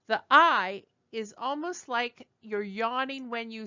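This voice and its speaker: Slow, patient woman teaching a class. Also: fairly high pitch, sharp tone, clear, resonant tone, no room sound, dull audio. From United States. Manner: slow, patient, modeling sounds. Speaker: French teacher. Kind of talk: classroom lesson.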